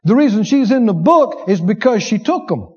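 A man preaching a sermon, animated, acting out inner voices and laughing as he preaches. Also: high voice, normal speed, breathy edge, lo-fi sound.

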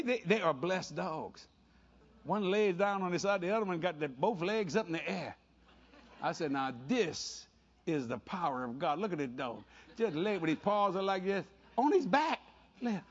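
An older man preaching a sermon, animated and playful, telling stories with quick voices and laughter. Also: sits high, husky. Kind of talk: sermon mixed with storytelling. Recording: dull lo-fi sound.

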